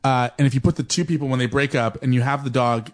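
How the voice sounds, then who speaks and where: A man hosting a casual podcast in an average voice. He talks eagerly and laughs into his words, even while reading a sponsor plug. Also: medium pitch, fast talker. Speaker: podcast host. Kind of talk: casual podcast chat, ad read.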